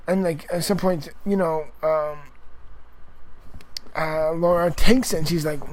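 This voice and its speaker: A man's voice: on the high side, measured pace, a little mellow, poor audio. A man giving a casual spoken movie review, rambling and emphatic, with lots of fillers, restarts and swearing.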